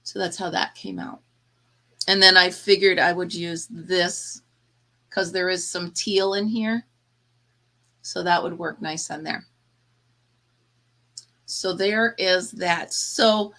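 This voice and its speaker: A woman's voice: lowish voice, measured pace, pauses often, bright, forceful tone. A woman hosting a casual live chat, tired and yawning, chatty and laughing often as she talks to her viewers. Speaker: livestream host.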